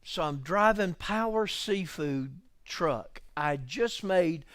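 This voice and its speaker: A middle-aged pastor preaches with a high, smooth voice and an unhurried delivery. He drops to near-whispers, then rises to loud exclamations and calls out to his congregation. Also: expressive, dry recording, clean studio sound. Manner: swings between hushed musing and loud exclamations. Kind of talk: sermon. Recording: live church service stream.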